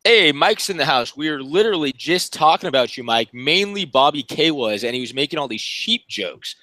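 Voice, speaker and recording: A man's voice: a little high, animated, normal speed, sharp tone, slight background noise. A man from the United States telling jokey stories in a casual online group chat. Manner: jokey, laughing storyteller. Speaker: chat participant.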